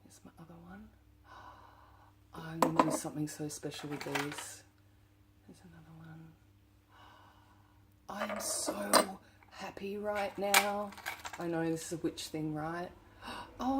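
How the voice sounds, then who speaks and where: A woman's voice: medium pitch, heavy background noise. An Australian woman chatting casually on her vlog while tidying her room, often exclaiming over things she finds and sometimes dropping into a whisper. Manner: excitable, exclaiming over found items, drifting into whispers. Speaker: witch shop owner vlogger.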